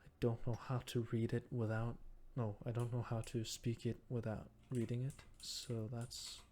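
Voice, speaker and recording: In a flat, medium-pitched delivery with a dark tone and normal speed, a man from Norway, a native Norwegian speaker, comments casually on the game he's playing. He murmurs his thoughts aloud and muses about himself self-deprecatingly.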